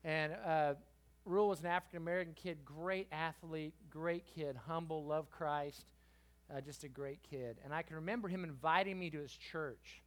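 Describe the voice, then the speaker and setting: Brief: middle-aged man, youth preacher, higher voice, animated storytelling with loud bursts. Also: moderate pace. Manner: lively, swings from quiet to loud. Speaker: guest preacher. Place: church youth service.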